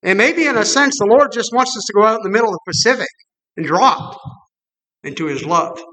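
A middle-aged man preaching with an animated delivery, his voice high and bright. He often acts out the people he quotes and chuckles between points. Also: fairly quick, rough recording. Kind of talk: sermon.

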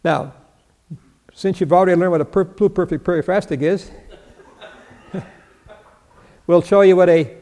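A man's voice: high voice, a little slow, long pauses, warm tone. An older man preaching a sermon, teaching Bible verses, asking his listeners questions, answering them himself and chuckling as he goes. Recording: long reverb of a large hall.

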